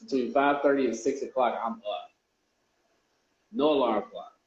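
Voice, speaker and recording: A man talks casually to his followers in a loose, rambling way, often restarting his sentences. His voice sits at an ordinary middle pitch. The sound is roomy and echoey, and a bit dull and lo-fi. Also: moderate pace. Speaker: real estate investor. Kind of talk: casual vlog talk to viewers. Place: indoors, a warm room.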